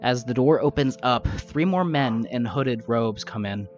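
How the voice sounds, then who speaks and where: A man's voice: mid-range voice, unhurried. Brief: male game master, casual rambling narration, dull recording with faint music underneath. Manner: casual storytelling with fillers, laughs at own jokes. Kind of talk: narrating a tabletop game backstory.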